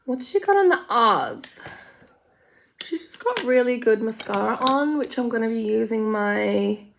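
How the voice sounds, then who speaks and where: A woman's voice: fairly high pitch, lively intonation, a little slow, vocal fry. An Australian woman chatting casually and rambling through a makeup tutorial, full of gossipy asides. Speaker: makeup vlogger.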